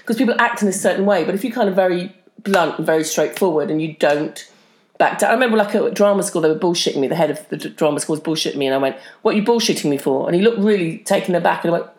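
A woman's voice: lowish voice, racing, a little mellow, echoey room. A woman who is an actor, talking bluntly and directly in casual chat. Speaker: podcast co-host, actor.

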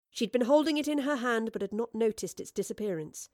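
A woman narrates a story with lively expression. She reads into a close microphone. The sound is dry, with no room echo. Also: fairly high pitch, normal speed. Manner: expressive, animated character reading. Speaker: audiobook narrator. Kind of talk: scripted narration.

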